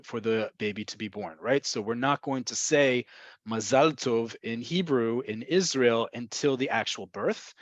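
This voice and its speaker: Over a webinar computer mic, a man with a mid-range voice teaches a lesson on Hebrew expressions, explaining pronunciation and often checking in with "right?". The sound has no echo, but its highs are cut off.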